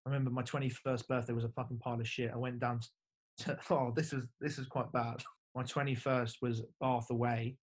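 His voice sits at medium pitch with a flat delivery, moving a little fast. He's a young English ex-rugby player on a podcast, chatting easily and spinning stories loaded with filler words and swearing.

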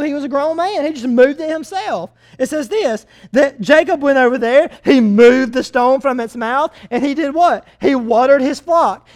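Animated high-voiced preacher. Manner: animated, asks the audience questions. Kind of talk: Bible teaching sermon.

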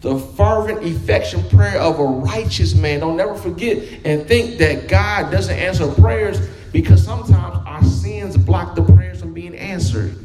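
A man's voice: high-pitched, unhurried. A man preaching a sermon in a folksy, conversational way. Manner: folksy, conversational preaching with quoted voices and humor. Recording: echoey room with background music.

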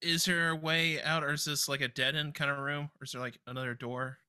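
A man playing a tabletop game, chatting casually in an excitable, stammering way. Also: on the high side, a little fast, clean tone, no echo, clean studio sound. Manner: excitable, stammering, laughs a lot. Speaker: player.

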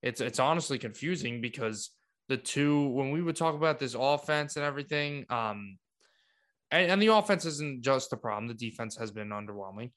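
A man's voice: medium pitch, moderate pace. Exasperated man ranting about football. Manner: animated, exasperated rants with many restarts. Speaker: podcast co-host. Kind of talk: casual sports chat.

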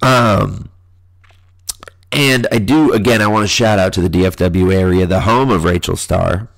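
A man's voice: lowish voice, moderate pace, vocal fry. A man from the Midwest with a nasal, stuffed-up voice, hosting a solo podcast in a crude, profane, ranting way. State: stuffy nose from allergies. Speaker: podcast host. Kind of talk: casual solo podcast monologue.

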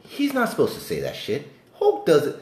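A man talks casually about a movie at a moderate pace, animated and profane, lurching from loud outbursts to low muttering. The sound is roomy.

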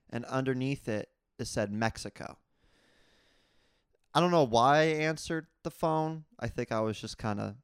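A young man hosting his own solo podcast, talking casually and rambling with fillers, growing animated when retelling a story. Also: medium pitch, clean tone, no room sound, studio quality. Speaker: podcast host.

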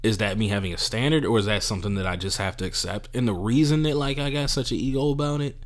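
Young comedian guy ranting on his podcast, swears a lot, does little voices for people, lowish voice. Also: fast. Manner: profane, animated, acts out quoted people. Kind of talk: casual monologue.

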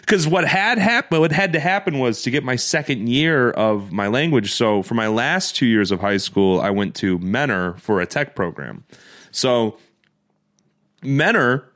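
A young man co-hosting a podcast, telling stories in a casual, swearing, animated way and laughing often. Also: medium pitch. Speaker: podcast co-host. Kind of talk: casual storytelling chat.

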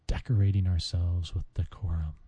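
A man's voice: low voice, level tone, normal speed, warm tone, husky, no echo. A man hosting a casual vocabulary podcast, chatting playfully as he walks through word mnemonics. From United States. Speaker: podcast host teaching vocabulary.

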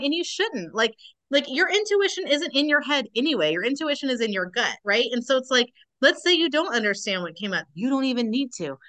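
A woman's voice: fairly high pitch, sharp tone. A woman speaking as a podcast guest, a Reiki practitioner describing her work in an earnest, affirming way. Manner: earnest, affirming, spiritual wording. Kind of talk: casual conversation.

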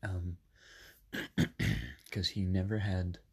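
A man in his twenties hosting a podcast from a bedroom padded with soft things. He is slightly sick and tells his story casually, with many ums and self-corrections. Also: low voice, level tone, extremely slow, slightly rough. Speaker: podcast host.

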